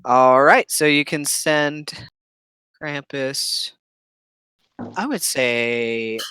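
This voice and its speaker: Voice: mid-range voice, lively intonation, extremely slow, sharp tone, clear, resonant tone, dry recording. A game master running a tabletop game, patiently checking rules aloud between bits of narration.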